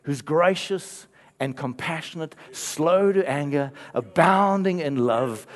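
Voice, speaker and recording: Guy preaching, telling a funny story, laughs here and there, pretty animated. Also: a little high, takes it slowly, hardly any pauses. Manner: storytelling with playful asides and light laughter. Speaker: pastor. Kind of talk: sermon.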